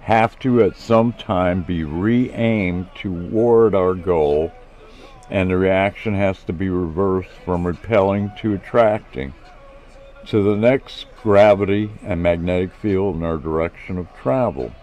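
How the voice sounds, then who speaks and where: A man's voice: sits low, slow pace, a little mellow. A man putting on a chatty Australian inventor. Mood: explaining. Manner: Aussie slang, explaining at length.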